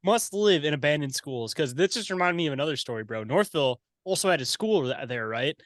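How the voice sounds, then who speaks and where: A man's voice: fairly high pitch, lively intonation, brisk, a bit bright, dry recording, clean studio sound. A man guest on a podcast, chatting casually and laid-back, swearing and saying "bro" often. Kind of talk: casual chat.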